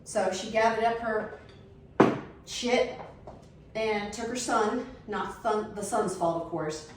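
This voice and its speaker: A woman's voice: mid-range voice, slow pace, far from the mic, heavy background noise. Sassy woman in an echoey room. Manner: sassy, blunt, animated storyteller. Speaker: vlogger setting a table. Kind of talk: casual storytelling chat.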